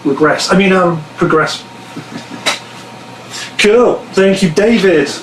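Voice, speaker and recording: A man's voice: high voice, takes it slowly, fairly bright tone. A man reading out fan questions in a casual live Q&A, chatty and self-deprecating, laughing easily. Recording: echoey room, faint noise.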